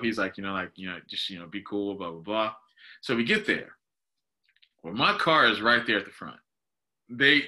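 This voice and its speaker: A man's voice: medium pitch, pushed and bright. A young man, animatedly telling a story on a casual podcast, laughing and calling his listener "dude.". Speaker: podcast co-host.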